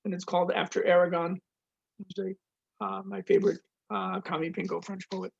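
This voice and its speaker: Husky older man reading poetry. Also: sits high, little pitch movement. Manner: slow, deliberate recitation. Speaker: poet reading his work. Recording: dull lo-fi video call audio.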